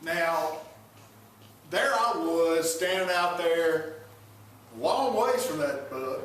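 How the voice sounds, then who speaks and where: A man preaching in a slow, unhurried way with a slightly high voice, teasing his listeners between points. His words ring through a big echoey room, picked up from some distance with faint background noise. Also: expressive, a bit bright. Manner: folksy, joking asides to the congregation. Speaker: pastor. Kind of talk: sermon.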